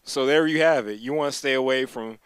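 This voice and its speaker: A man hosts the interview, relaxed and joking with his guest. His voice is smooth and mid-pitched. The sound is dry and close. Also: fairly quick, dry recording. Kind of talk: casual interview.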